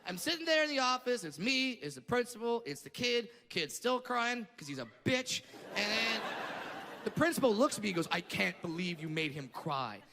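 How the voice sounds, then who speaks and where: A brash male stand-up comedian with a high, gravelly voice works a big theater on a handheld mic. He swings between profane storytelling and shouted rants. His voice rings through a long hall reverb over a loud, laughing crowd. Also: very animated, moderate pace, noisy background. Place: large theater stage.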